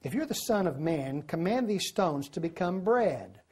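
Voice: mid-range voice, expressive, moderate pace, a little mellow, slightly rough. A preacher, giving a sermon, telling stories and asking the listeners questions. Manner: storytelling, asks the listeners questions.

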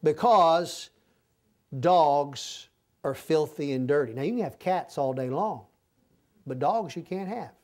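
High-pitched folksy man preaching. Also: slow pace, darkish tone. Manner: folksy, repeatedly checks in with the listeners. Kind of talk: conversational verse-by-verse sermon.

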